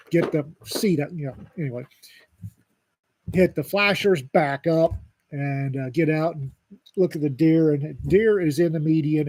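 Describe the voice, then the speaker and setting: A man's voice: fairly high pitch, darkish tone, slight background noise. A man co-hosting a podcast, telling a story in a dry, wisecracking way during a casual chat. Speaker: podcast co-host.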